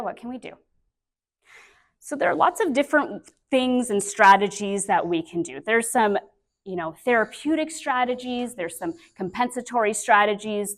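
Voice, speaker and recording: Woman, speech therapist leading a live workshop; chatty, demonstrative coach, mid-range voice. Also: mid-range voice.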